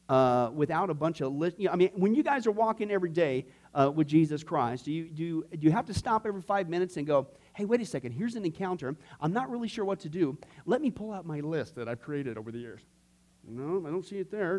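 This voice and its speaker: A man teaching a Bible class in a conversational style, checking in with "okay?" and acting out inner voices. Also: high voice. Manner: animated, frequent "okay?" asides, acts out inner voices. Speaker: pastor teaching a discipleship class.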